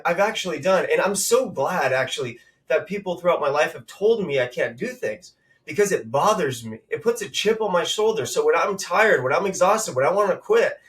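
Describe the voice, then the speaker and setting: Emphatic, high-voiced man telling his story. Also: lively intonation, a little fast, far from the mic. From Southern California. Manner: emphatic, motivational, repeats words for punch. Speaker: guest, real estate investor. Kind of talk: conversational storytelling.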